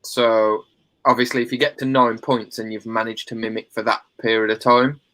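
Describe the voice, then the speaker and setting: A man's voice: medium pitch, level tone, moderate pace, pushed and bright, no room sound. A man co-hosting a casual live stream in a laid-back way, often calling people dude. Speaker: co-host. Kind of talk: casual group chat.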